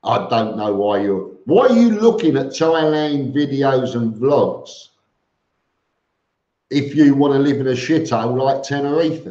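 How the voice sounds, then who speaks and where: A middle-aged man from East London, with a London accent, hosts a vlog live stream, answering viewers in blunt, rambling casual chat full of ums and restarts. His medium-pitched voice is expressive, unhurried, and warm, and the audio sounds roomy and slightly dull.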